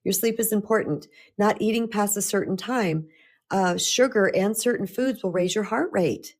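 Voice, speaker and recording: A middle-aged woman coach talking casually on a live stream, chatty and animated, often restarting her sentences. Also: medium pitch, normal speed. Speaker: spiritual empowerment coach.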